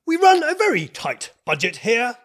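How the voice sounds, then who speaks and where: Comedy sketch: a man as a fussy fairy king, husky voice, pitch leaping around, losing his temper. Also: huge pitch swings, normal speed, exaggerated voice. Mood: exasperated. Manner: exasperated, shouting in outbursts.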